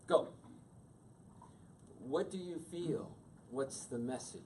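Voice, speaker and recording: A middle-aged man with a mid-range voice teaches a class on emotions at a measured pace. He's animated, asking the audience questions and acting out quoted voices. The mic is distant, picking up faint room noise.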